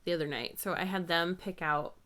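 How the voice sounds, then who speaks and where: A woman in her thirties hosting a knitting podcast, chatting casually and telling family stories in a warm-hearted way. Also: lowish voice, fairly even intonation, fairly quick. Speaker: podcast host. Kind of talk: casual chat.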